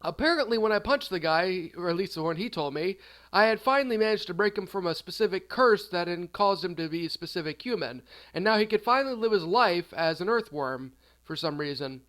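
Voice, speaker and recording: A man's voice: high voice, fairly quick. A man telling an absurd comedic storytime in a rambling, offhand way. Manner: rambling, deadpan absurd, trailing off. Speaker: storyteller, channel host.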